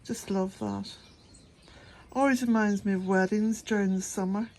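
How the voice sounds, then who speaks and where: A woman's voice: medium pitch, steady tone, normal speed, darkish tone. Irish woman, own voice, gardening vlog, chatty and laughing, slightly breathless outdoors. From west of Ireland. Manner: chatty, rambling, laughs often. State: a bit out of breath. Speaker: cottage gardening vlogger. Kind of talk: casual chat to camera. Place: outdoors at a cottage garden and shed.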